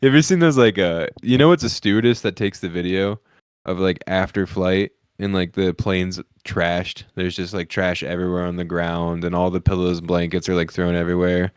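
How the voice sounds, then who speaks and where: Young man, deep pitch, dry close sound, easygoing anecdotes. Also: fairly even intonation, normal speed, clean tone, dry recording. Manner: laid-back storytelling with frequent "like" and laughter-prone asides. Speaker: podcast co-host. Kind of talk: casual comedic chat.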